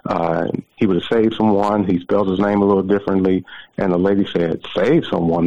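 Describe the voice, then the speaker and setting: A man's voice: low voice, fairly even intonation, fairly quick, vocal fry, dark tone. A man in his forties telling a personal story as a guest, emotional and repeating his words, heard over a muffled phone line. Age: 40s. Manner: emotional, repeats words, preacherly near the end.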